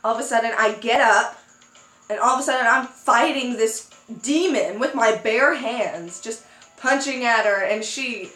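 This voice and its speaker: A young woman with a somewhat high voice tells a story in a casual vlog chat. She is animated and jumps into squeaky voices for quoted lines. The room sounds echoey, with faint music under her. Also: normal speed. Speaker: vlogger.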